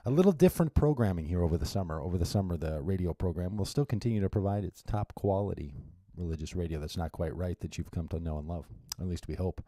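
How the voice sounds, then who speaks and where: A low-voiced man hosts a radio show by himself, talking into a studio mic. His tone is mellow and relaxed, and he rambles casually with wry little asides. The sound is dry and close. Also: quick pace, hardly any pauses, dry recording. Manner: chatty and rambling, with wry asides and frequent restarts. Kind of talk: casual solo radio monologue.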